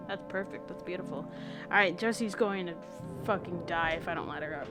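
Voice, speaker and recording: A woman's voice: on the low side, normal speed. A woman streamer rambling and muttering to herself in casual live gameplay chatter, with some casual swearing, at a home streaming setup. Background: game music.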